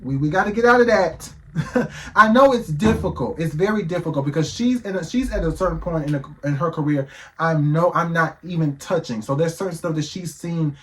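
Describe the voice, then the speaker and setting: A man's voice: fairly high pitch, brisk, a bit bright. A man giving heated reaction commentary, firing off rhetorical questions and swearing freely.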